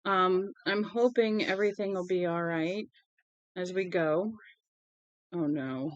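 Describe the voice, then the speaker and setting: A woman's voice: fairly low pitch, takes it slowly, dry recording, muffled recording. Tired, rambling woman reading host. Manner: rambling, many filler ums and restarts; friendly, chatty with viewers. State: tired, yawning. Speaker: host of a read-aloud livestream. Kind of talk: casual livestream chat after book reading.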